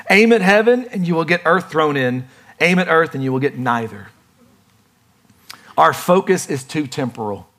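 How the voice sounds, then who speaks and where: A man preaching a sermon in a lively, conversational way, acting out quick voices for the people in his stories. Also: a little high. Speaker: pastor.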